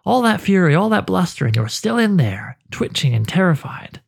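A man's voice: sits high, sing-song, moderate pace, creaky, husky, voice pushed up, heavily acted. A man voicing a sneering spider spirit. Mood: taunting. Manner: taunting, sneering. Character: mocking disembodied male spider-being, cruel and taunting.

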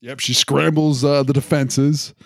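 A man's voice: medium pitch, level tone, unhurried, creaky, no room sound, studio quality. A man co-hosting a casual chat, steadily recapping events with occasional fillers. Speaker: podcast co-host.

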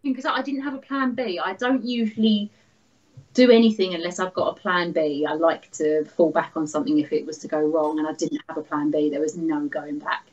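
A woman's voice: deep voice, fairly even intonation, brisk, a little mellow. Chatty woman, slightly muffled recording. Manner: chatty, laughs often, many fillers. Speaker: guest artist. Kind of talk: casual interview.

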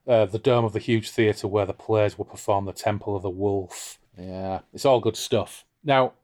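A man co-hosting a book podcast, chatty and amused. His voice sits on the low side. He often restarts his phrases as he talks things through. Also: a little mellow. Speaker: podcast co-host. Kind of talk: casual book discussion.

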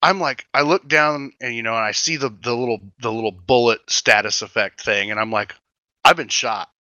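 Guy retelling a gaming session, bright tone, dry close mic, does everyone's lines. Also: medium pitch, fairly quick, clean tone, no room sound. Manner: animated retelling, acting out others' lines. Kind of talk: casual storytelling about a roleplay game.

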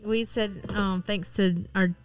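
A woman's voice: mid-range voice, steady tone, slow pace, smooth, soft background music. A woman co-hosting a podcast in casual, chatty talk, swearing freely and laughing often. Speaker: podcast co-host. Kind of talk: casual chat.

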